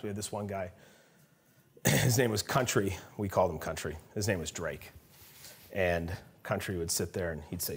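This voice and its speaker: A man's voice: low voice, steady tone, brisk, breathy edge. A man, a chef, chatting casually while cooking in a demo kitchen, telling stories with frequent laughs and restarts.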